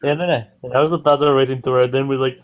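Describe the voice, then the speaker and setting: A man's voice: medium pitch, steady tone, rapid-fire. A man in a casual recap discussion, eager to jump in and often stumbling over his words.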